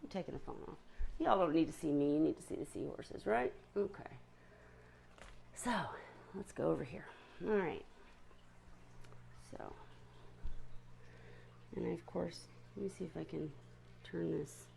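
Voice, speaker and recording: A woman's voice: low-pitched, unhurried, gravelly, long pauses, mellow, slight background noise. A woman chatting casually to viewers on a live stream about her seahorses, often stopping to apologize.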